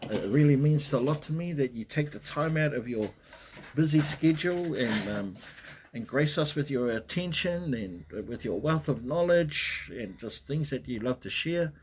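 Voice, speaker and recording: A man's voice: medium pitch, lively intonation, normal speed, slight background noise. A man hosting a casual livestream, chatting in a rambling way and greeting viewers by name. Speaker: livestream host. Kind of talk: casual live chat. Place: at home in Western Australia.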